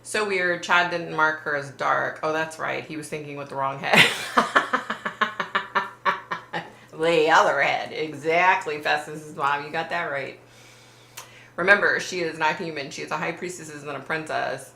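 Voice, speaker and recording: Low bright-toned lady chatting on her livestream, blunt, giggly, swears a lot, echoey room. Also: fairly even intonation, a little slow, creaky. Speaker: livestream host. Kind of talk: casual live chat reading viewer comments. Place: warm room under bright lights. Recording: roomy echo.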